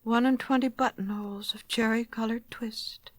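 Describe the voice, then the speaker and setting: A woman's voice: a little high, steady tone, normal speed, no room sound, natural voice. Woman voicing a fretful old tailor. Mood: lamenting. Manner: mumbling, lamenting. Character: poor old male tailor, fretful and anxious.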